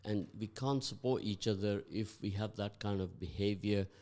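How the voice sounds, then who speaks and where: Low-voiced male radio host. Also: moderate pace, darkish tone. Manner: encouraging, addresses listeners directly. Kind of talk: community radio interview.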